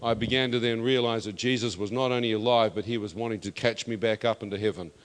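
New preacher in an echoing hall. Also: male voice, on the low side, steady tone, quick pace. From New Zealand. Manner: emphatic, builds to loud declarations. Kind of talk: testimony sermon. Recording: long reverb of a hall.

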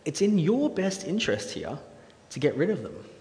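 A man's voice: a little high, huge pitch swings, normal speed, darkish tone, voice pushed up. A man playing a smug, scheming male adviser to an ancient king, with a wheedling manner, in an echoey hall.

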